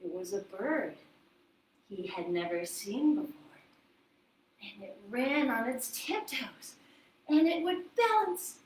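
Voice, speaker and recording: Animated woman leading preschool ballet storytime. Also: fairly high pitch, slow pace, long pauses, reverberant, far from the mic, a little hiss or hum, low-quality recording. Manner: animated, sing-song storytelling with movement cues. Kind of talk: storytime ballet class for young children.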